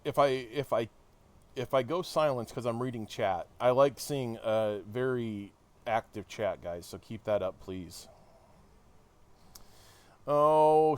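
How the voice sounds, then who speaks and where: Casual game streamer, chatty, thinks out loud, lowish voice. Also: male voice. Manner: chatty, talks to chat, thinks aloud with restarts. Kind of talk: casual game livestream commentary.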